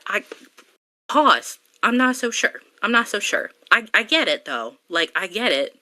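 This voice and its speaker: A woman hosting a podcast in casual chat, talking with lots of "like" fillers and animated asides. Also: on the low side. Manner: chatty, heavy use of "like", animated asides. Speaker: podcast host.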